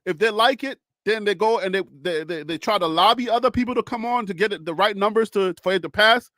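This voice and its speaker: A man's voice: high-pitched, fast talker, pushed and bright, no echo, clean studio sound. A man hosting casual political talk, chatty, often laughing and repeating phrases as he thinks aloud. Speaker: political commentary host.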